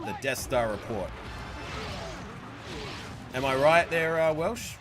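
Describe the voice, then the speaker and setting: A man streaming a football video game live, chatting with viewers and swearing and shouting at plays. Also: mid-range voice, measured pace, long pauses, noisy background. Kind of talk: live gameplay commentary.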